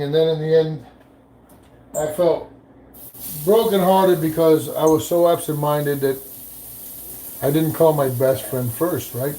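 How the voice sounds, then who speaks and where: A man's voice: a little high, warm tone. A man vlogging casually while cooking breakfast in a home kitchen, rambling with lots of fillers and restarts. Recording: noisy room ambience.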